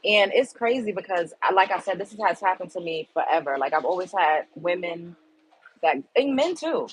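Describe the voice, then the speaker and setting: A woman's voice: fairly low pitch, expressive, normal speed, a little hiss or hum, rough recording. Candid, blunt woman telling a story. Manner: candid, emphatic, blunt, with swearing. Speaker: show host. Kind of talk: casual storytelling monologue.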